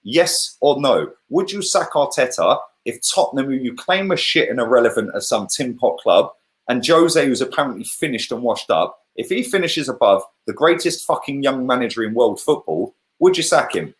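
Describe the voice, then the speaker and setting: Sweary, ranting football fan. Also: male voice, medium pitch, expressive, moderate pace. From England. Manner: blunt, combative, sweary ranting.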